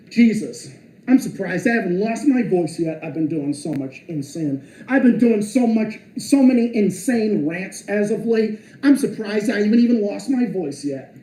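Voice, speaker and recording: A man's voice: sits high, expressive, moderate pace, few pauses, warm tone. Exasperated, profane man ranting in a roomy space. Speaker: streamer. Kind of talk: angry rant.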